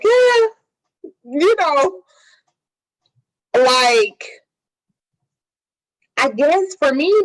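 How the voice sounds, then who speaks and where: Woman, podcast co-host, slow and heartfelt, lively rising and falling pitch. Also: low-quality recording. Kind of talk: casual candid chat.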